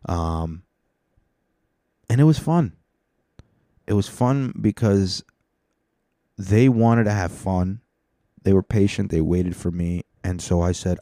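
A man's voice: deep voice, slow pace, pauses often, dark tone, no room sound, studio quality. A young man hosting a podcast, rambling through a profane, self-mocking comedic monologue. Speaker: podcast host.

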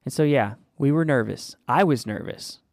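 A man in mid pitch hosts a casual faith podcast, earnest and encouraging as he tells stories. His voice sits close and dry on the mic, with no room sound at all. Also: moderate pace, a little mellow, no room sound. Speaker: podcast host.

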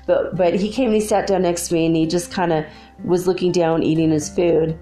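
A middle-aged woman hosts a spiritual video, telling a story in a rambling, chatty monologue packed with fillers. Her fairly low, mellow voice is fairly quick and fairly even in intonation, with faint music behind it.

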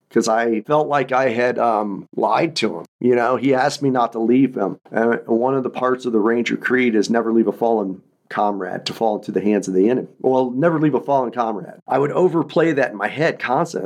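A man in his thirties, a veteran and podcast guest, recounting his past in an earnest, halting, reflective way with frequent restarts. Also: mid-range voice. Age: 30s. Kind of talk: personal storytelling in an interview.

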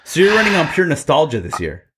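A man with a fairly high voice that swings up and down a lot, joking around in a group chat at a brewery. He repeats himself while searching for words. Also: wildly swooping pitch, fast talker, a bit bright, slightly rough. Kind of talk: casual chat.

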